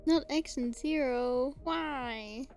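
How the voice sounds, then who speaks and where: A woman's voice: high voice, slow pace, darkish tone, soft background music. A young Australian woman streamer chatting casually, giggling often and breaking into squealing laughter. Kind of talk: casual live-stream chat.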